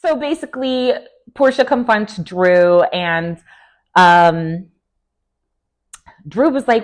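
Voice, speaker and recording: A young woman casually recapping a reality show in a chatty, gossipy way, often slipping into quick playful quotes. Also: mid-range voice, lively intonation. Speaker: TV recap vlogger.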